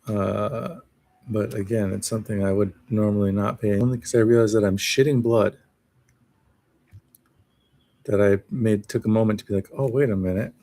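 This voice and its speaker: A man's voice: fairly low pitch, steady tone, normal speed, creaky, pauses often, mellow, dry recording. A man live streaming alone, rambling in a sardonic, self-mocking way as he reacts to what he reads. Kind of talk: casual solo live stream commentary.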